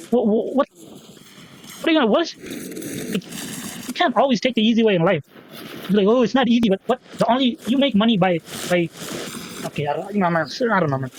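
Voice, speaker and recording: High-voiced rambling man podcasting alone. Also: slight background noise, rough recording. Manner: rambling, profane, repeats himself with many fillers. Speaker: podcast host. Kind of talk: rambling solo podcast monologue.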